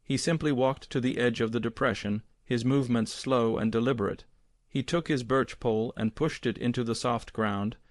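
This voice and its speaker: A man reads an audiobook aloud in a measured, grave storytelling manner. His voice has an ordinary middle pitch for a man. The recording is dry and close-miked, with no room sound. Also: no room sound. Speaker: audiobook narrator. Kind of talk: scripted narration.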